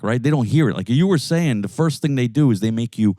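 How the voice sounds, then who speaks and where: A man's voice: medium pitch, brisk, no echo. A man from New York trades loose, profane banter as a podcast co-host. His voice sits in a middle register and he keeps slipping into mock voices. The sound is close and dry. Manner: animated, swears constantly, acts out voices. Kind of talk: casual profane banter in a car. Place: in a jeep.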